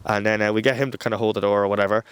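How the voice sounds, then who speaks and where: A young Irish man telling a story casually, animated and swearing as he acts out what people said. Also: lowish voice, rapid-fire, smooth, dry recording. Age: young adult. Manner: animated, swearing, acting out quotes.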